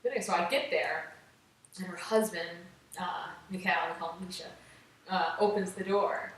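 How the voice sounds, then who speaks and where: A woman telling her story as an interview guest, chatty and animated, with many "like"s. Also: fairly low pitch, moderate pace. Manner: animated, acts out quotes, many "like"s. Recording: echoey room, distant mic, faint noise.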